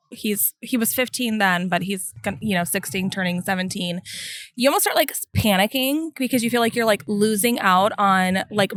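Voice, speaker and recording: A woman in her forties, a co-parenting mom, talking reflectively in casual chat with many pauses and fillers. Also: mid-range voice, fairly bright tone, dry recording, studio quality.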